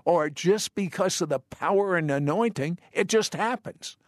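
An older man hosting an interview, asking a guest questions in a measured, curious way. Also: sits high, dry recording, clean studio sound. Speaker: interview host.

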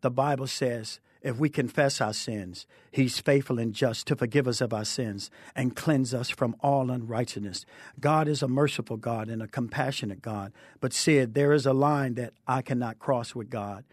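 A man's voice: mid-range voice, moderate pace, no room sound, studio quality. A man who is a preacher, telling his testimony earnestly in an interview, with a fervent storytelling delivery. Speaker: preacher guest.

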